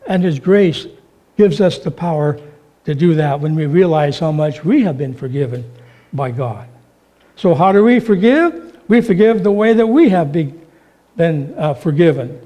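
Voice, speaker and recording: A man preaching a sermon, telling stories with animated delivery and acting out the voices in them. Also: sits high. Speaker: pastor.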